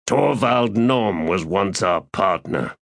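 Man doing a nervous petty crook, wheedling, defensive, low voice, dry sound. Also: lively intonation, slow, vocal fry, dry recording, heavily acted.

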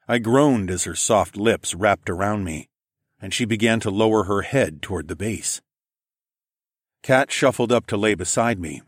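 A man with a fairly low voice narrates a first-person adult audio story in a soft, murmured, low-key way. The recording is close and dry, with no room around his voice. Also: dry recording.

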